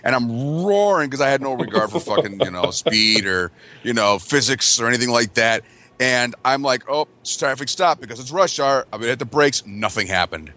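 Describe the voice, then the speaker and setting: A man's voice: medium pitch, normal speed, bright, forceful tone. A man from the US Midwest telling a crude, exaggerated story for laughs among friends. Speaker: podcast regular.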